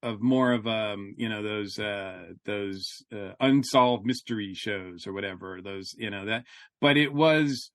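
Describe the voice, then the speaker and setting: A man co-hosting a podcast in casual chat, talking haltingly with lots of fillers and restarts. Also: lowish voice, a bit bright, no room sound, clean studio sound. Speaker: podcast co-host.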